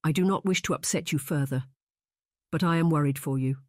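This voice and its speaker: A fretful, kindly gentlewoman urging her friend to move on, as read by an audiobook narrator. Her tone is earnest and coaxing, in a mid-range voice recorded close and dry. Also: medium pitch, fairly quick, dry recording, natural voice. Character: anxious, well-meaning female friend. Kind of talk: audiobook character reading.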